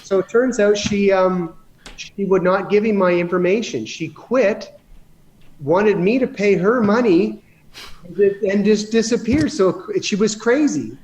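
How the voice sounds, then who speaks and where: Canadian man, guest on a chat show, slightly high voice, rambles and restarts, emphatic asides. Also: measured pace, a little mellow, slight background noise. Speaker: podcast guest, real estate investor. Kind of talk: casual storytelling in conversation.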